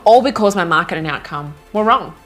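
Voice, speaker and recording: A woman in her thirties, a business coach telling a story casually to camera in an animated, self-mocking way, laughing now and then. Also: medium pitch, fairly quick, soft background music. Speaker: retreat organizer and business coach.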